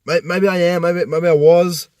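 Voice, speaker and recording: A man's voice: high voice, little pitch movement, moderate pace, darkish tone, no room sound, studio quality. A young man vlogging from a parked car, telling a rambling, profane story full of restarts. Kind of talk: casual personal rant.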